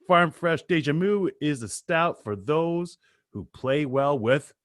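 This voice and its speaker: A man's voice: fairly high pitch, expressive, slow pace, a bit bright, no room sound, studio quality. A Canadian man in his thirties co-hosting a sports podcast, laid-back and laughing easily in casual chat. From east coast of Canada. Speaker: podcast co-host.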